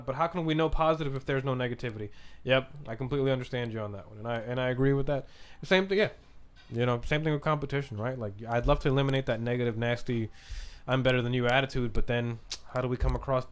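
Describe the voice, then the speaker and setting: A man hosting a podcast livestream, reading viewers' chat messages and answering in a rambling, relaxed way with frequent restarts and casual swearing. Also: mid-range voice.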